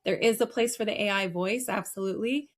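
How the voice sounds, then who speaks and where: A woman who trains customer service staff, answering interview questions in an energetic, emphatic coaching tone. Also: medium pitch, a little fast.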